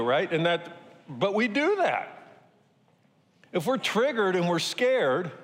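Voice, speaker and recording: A man's voice: on the high side, big-room sound. A male pastor preaching a conversational sermon, repeating key phrases and acting out quotes.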